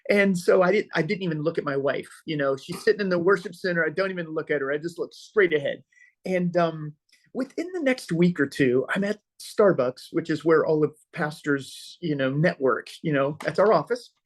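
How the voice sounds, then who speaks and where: Animated middle-aged pastor telling stories. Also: male voice, on the high side. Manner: animated storyteller, acts out quoted dialogue with filler pauses. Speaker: pastor, podcast guest. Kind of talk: casual storytelling conversation.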